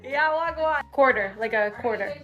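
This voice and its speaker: A woman's voice: sits high, lively intonation, normal speed, a bit bright, dull audio. Girl teasing her grandma, laughy and bouncy, music behind. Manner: playful, laughing quizmaster.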